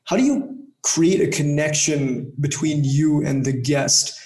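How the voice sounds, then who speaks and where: Gravelly man asking rambling questions. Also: a little high, unhurried, a little mellow. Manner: rambling, restarts his questions. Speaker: interview host. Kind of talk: casual interview questions. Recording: echoey room.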